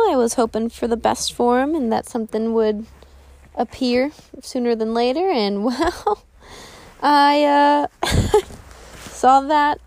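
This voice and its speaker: A young woman hosting a podcast, sharing personal feelings in a candid, rambling monologue with restarts. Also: high voice. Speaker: podcast host.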